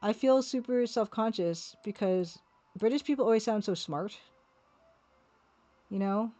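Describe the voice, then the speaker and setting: This woman has a medium-pitched, mellow voice with a Canadian accent and speaks a little slowly. She streams herself making pixel art, rambling casually to her chat and poking fun at herself as she draws.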